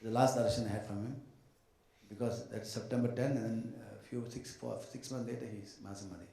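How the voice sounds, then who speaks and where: Man, devotional speaker to a crowd of devotees, mellow voice, lively storyteller who mimics people, heavily echoing hall. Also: medium pitch, brisk, vocal fry. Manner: animated storytelling, mimics other people, joking asides. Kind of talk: devotional talk with anecdotes. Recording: echoey hall sound.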